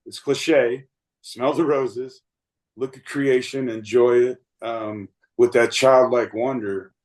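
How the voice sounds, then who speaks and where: Man, late 50s, umpire guest; earnest, rambling storyteller, mid-pitched everyday voice. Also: steady tone, takes it slowly, a little mellow, rough recording. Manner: earnest, rambling, lots of fillers and restarts. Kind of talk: reflective storytelling interview.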